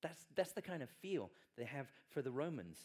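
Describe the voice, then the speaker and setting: A man's voice: medium pitch, big pitch swings, normal speed, darkish tone. A man preaching a sermon in a conversational, emphatic way with wry asides.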